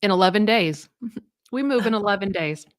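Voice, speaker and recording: A thirty-something woman co-hosting a podcast talks briskly and animatedly in a mid-range voice. Her casual chat rambles, full of fillers and restarts, recorded at studio quality with no echo.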